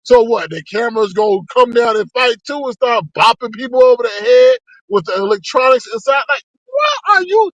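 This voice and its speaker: A man giving sassy, animated live-stream commentary to his chat. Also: no echo, low-quality recording. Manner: sassy and animated, with sharp pitch swings.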